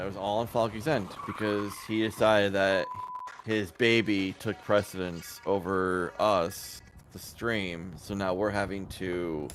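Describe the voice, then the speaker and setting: A man co-hosting a livestream, chatting casually, swearing and joking while talking over his co-host. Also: lowish voice. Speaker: stream co-host. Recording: music playing behind the voice.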